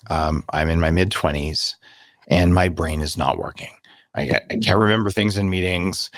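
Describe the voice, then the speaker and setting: His voice carrying vocal fry, a podcast guest in his fifties who writes about biohacking tells candid interview stories, acting out the quotes with animation and pitch shifts for emphasis. The recording is clean studio sound with no room sound.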